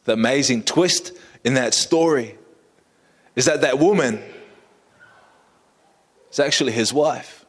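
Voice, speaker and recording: A male preacher tells a sermon story at an unhurried pace, inviting listeners to imagine it with him. His voice sits at a middle pitch in a church hall with a long reverb.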